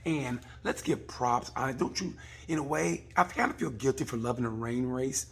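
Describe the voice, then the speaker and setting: A man, a comedian, rambling through a casual comic review of a race, swearing and acting out people in quick asides. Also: mid-range voice, gravelly, breathy edge. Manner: rambling, profane, acts out voices in quick asides.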